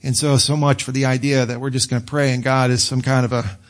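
A male pastor preaching a sermon in a conversational, animated way. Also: mid-range voice, fast. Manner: conversational and animated, acting out quotes with laughs.

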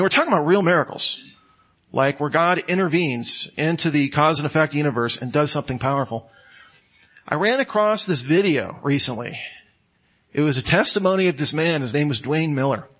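A man with a slightly raised voice preaches in a relaxed, conversational way. He tells stories and breaks in with lively asides. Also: on the high side. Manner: conversational, storytelling, animated asides. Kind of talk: sermon.

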